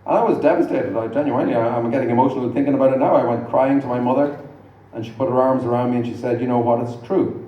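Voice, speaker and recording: A man's voice: medium pitch, very fast, lo-fi sound. Man doing a stand-up set in a hall. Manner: dry, self-deprecating, rambling asides. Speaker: stand-up comedian. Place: large live venue with audience. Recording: echoey hall, distant mic, noisy. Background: audience laughter.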